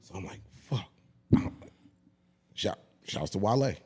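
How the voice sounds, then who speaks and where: A man around forty, a podcast guest, chatting casually and telling stories in a profane, animated way. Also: low-pitched, moderate pace, slightly rough.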